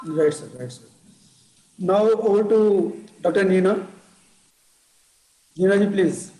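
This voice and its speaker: Formal, high-voiced man in echoey room. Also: slow, warm tone. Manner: formal, deferential. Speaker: webinar anchor relaying audience questions. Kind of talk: webinar Q&A.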